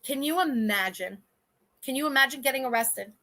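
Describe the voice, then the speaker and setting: Bright high-voiced blunt woman streamer. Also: lively intonation, normal speed. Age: 30s. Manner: blunt, profane and indignant, rambling with restarts. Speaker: livestream host. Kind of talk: casual livestream commentary.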